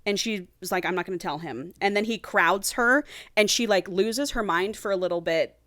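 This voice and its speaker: A woman's voice: mid-range voice, moderate pace, fairly bright tone, no room sound, clean studio sound. A woman co-hosting a podcast, retelling a book's plot in casual chat and acting out the characters' lines with swearing. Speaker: podcast co-host.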